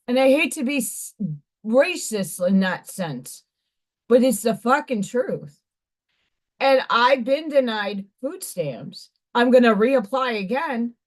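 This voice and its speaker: A woman in her forties speaks in a high voice that is hoarse and partly gone. She hosts a casual livestream and vents bluntly, swearing freely and sounding exasperated. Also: expressive, measured pace. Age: 40s. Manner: blunt, profane, exasperated venting. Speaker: livestream host. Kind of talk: casual venting livestream chat.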